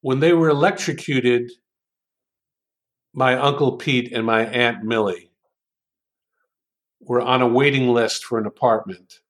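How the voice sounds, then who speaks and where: A man speaking in an interview, explaining a writing idea through unhurried stories with plenty of ums and pauses. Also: medium pitch, steady tone. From New York. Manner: unhurried storytelling with many ums. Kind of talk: interview conversation.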